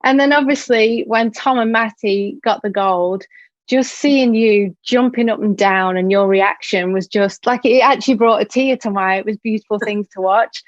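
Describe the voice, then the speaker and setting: A woman's voice: medium pitch, normal speed, no echo, lo-fi sound. A woman interviewing a guest over a video call, asking long, enthusiastic questions in a casual way.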